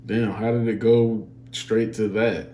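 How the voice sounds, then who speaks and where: A man's voice: lowish voice, flat delivery, slow, warm tone, echoey room, slight background noise. A man streaming a reaction video, talking in a laid-back, casual drawl.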